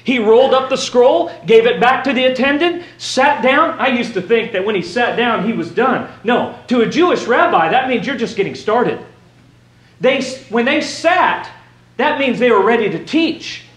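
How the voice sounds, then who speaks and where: High-voiced preacher in a roomy church. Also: male voice, normal speed. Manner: animated, rises to shouting for emphasis. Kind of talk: sermon. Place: church sanctuary.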